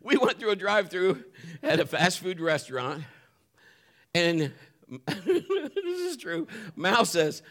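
A man's voice: high-pitched, big pitch swings, slow pace, fairly bright tone. A middle-aged man preaching a sermon, telling a story with laughs and acted-out voices before moving into scripture. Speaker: pastor.

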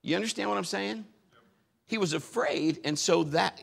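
A middle-aged male pastor preaching a sermon and telling stories from his life, pressing his key points with sudden bursts of loudness. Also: a little high, normal speed, gravelly. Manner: emphatic, swells loudly on key points. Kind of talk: sermon with personal storytelling.

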